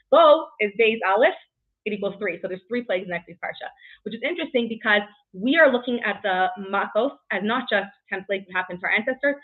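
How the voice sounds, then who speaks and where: A woman leads a weekly Torah class at a quick clip, chatty and brisk. She keeps checking in with her listeners and fills pauses with small "um"s. The sound is thin and tinny, like a phone line. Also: medium pitch. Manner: brisk and chatty, many "right?" checks and "um" fillers. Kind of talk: casual Torah lesson.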